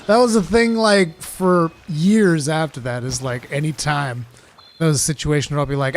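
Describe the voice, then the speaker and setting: A man streaming a hunting game, chatting with teammates and yelling and cursing at monsters as he plays. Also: on the high side, normal speed. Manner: excitable, swears and yells at monsters; loose storytelling to teammates. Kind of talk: casual gameplay commentary.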